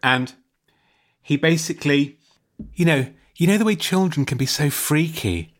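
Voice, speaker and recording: A man with a slightly high voice talks a little slowly as he co-hosts a podcast over a video call. The chat is casual and comedic, and his story wanders, full of giggles and restarts.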